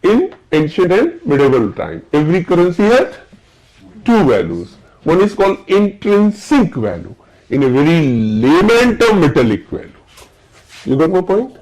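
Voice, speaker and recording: Man, Indian accent, classroom lecture, slightly high voice, keeps asking if students follow. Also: big pitch swings, normal speed, darkish tone, poor audio. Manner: checks understanding with repeated questions. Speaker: teacher.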